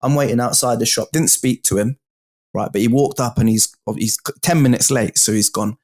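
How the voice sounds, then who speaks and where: Brief: man, guest, excitable storyteller, mid-pitched voice, salty and direct. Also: moderate pace. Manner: animated, swearing, addresses the host as bro and mate. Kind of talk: casual storytelling.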